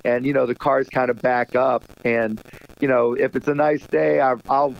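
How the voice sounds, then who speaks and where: A man's voice: mid-range voice, flat delivery, moderate pace, gravelly, highs cut off. A middle-aged man chatting as a guest on a radio show, rambling with lots of fillers and laughing often. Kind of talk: casual radio interview chat.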